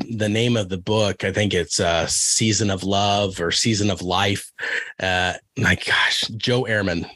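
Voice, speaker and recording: A man's voice: on the low side, sharp tone, no echo. A man from Kansas, a wrestling coach, talking earnestly in a casual interview, with many fillers and restarts. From Kansas, USA. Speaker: wrestling coach and podcast guest.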